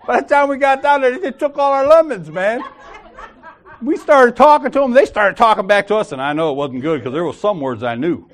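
A man's voice: extremely high pitch, lively intonation, fairly quick. A man leading a church group, talking casually and telling a story in a laughing, slangy way. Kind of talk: casual storytelling and Bible discussion.

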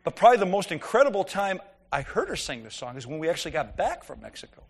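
Male preacher, anecdotal sermon, rhetorical questions, slightly high voice, long hall reverb. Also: sing-song, fast talker, slightly rough. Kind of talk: conversational sermon.

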